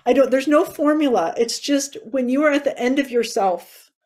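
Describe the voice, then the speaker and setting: Woman in her forties, guest giving an earnest, emotional testimony; slightly higher voice. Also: normal speed, darkish tone. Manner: earnest and emotional, tearful at times. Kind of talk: personal testimony interview.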